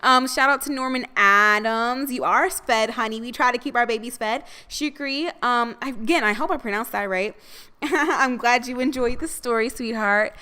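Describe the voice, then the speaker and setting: A young woman reads out listener comments on a casual podcast in a bright, slightly high voice. She is chatty and affectionate with her audience, talking in an easy, relaxed way. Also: normal speed, clear, resonant tone. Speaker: podcast co-host. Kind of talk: casual chat reading viewer comments.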